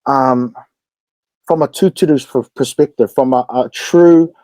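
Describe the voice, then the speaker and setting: Needs: a young New Zealand-accented man, animated storyteller, warm low tone, dry close mic. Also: dry recording, poor audio. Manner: animated, fast-talking storyteller. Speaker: podcast guest. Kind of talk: casual storytelling.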